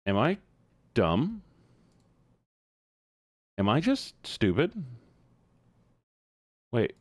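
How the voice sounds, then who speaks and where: A man's voice: mid-range voice, wildly swooping pitch, extremely slow, pauses often, dry recording. A man streaming live and chatting casually with his viewers, rambling and joking at his own expense. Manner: rambling, self-mocking, chatty.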